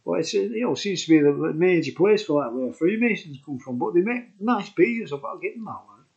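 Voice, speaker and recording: A man's voice: high-pitched, expressive, a little fast, darkish tone, highs cut off. A tipsy man rambling through a casual beer review, chuckling often and dropping conspiratorial asides.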